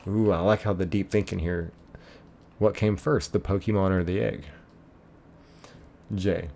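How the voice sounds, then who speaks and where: A man's voice: low-pitched, fairly even intonation, unhurried, gravelly, darkish tone. A man streaming a game, casually reading chat messages aloud, laid-back and chuckling.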